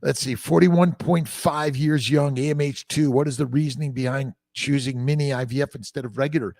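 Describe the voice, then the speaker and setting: Blunt male fertility doctor with a gravelly voice, reading viewer questions aloud and answering them off the cuff, dry close sound. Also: mid-range voice, fairly even intonation, a little fast, a little mellow, dry recording. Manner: blunt and profane, jumping between topics. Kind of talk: casual livestream Q&A.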